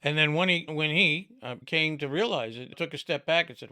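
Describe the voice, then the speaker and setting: A man hosts a leadership podcast in a voice a little higher than most men's. His tone is bright and forceful, and he often breaks off and restarts his sentences as he thinks aloud. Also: normal speed, hardly any pauses. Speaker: podcast host. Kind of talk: interview conversation.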